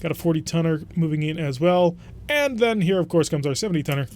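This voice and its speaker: A chatty man giving relaxed gameplay commentary, thinking aloud as he weighs his next moves. His voice sits a little higher than most men's. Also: quick pace. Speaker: let's play host.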